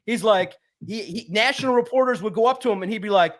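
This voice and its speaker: Talking fast with hardly any pauses, a high-pitched male sports publisher tells a story as a guest on a sports podcast. He comes across casual, energetic, and animated, like he's hanging out with friends.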